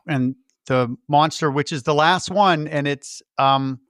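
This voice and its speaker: Podcast co-host, male, slightly high, lively retelling voice, dry studio sound. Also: slow, no room sound. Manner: animated retelling, acts out movie lines. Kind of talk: casual film discussion.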